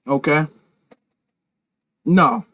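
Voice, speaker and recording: A man's voice: fairly high pitch, very slow, fairly bright tone, no echo. A man giving emphatic political commentary to his viewers, with lots of restarts. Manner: emphatic, talks to viewers directly, repeats and restarts. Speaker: commentary channel host.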